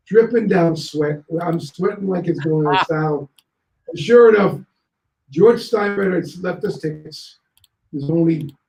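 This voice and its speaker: High-voiced man telling stories in an echoey room. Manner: lively storyteller who acts out other people's lines. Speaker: guest. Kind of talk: anecdotal storytelling.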